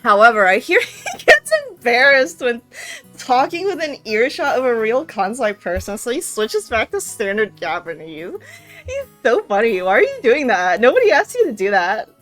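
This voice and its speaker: A young woman riffing casually on a livestream, slangy and quick to laugh, with a voice that sits a touch high. Faint music plays underneath. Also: very animated, fairly bright tone. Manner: chatty, joking, slangy, laughs often. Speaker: streamer. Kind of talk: casual let's-play commentary, reading a visual novel aloud.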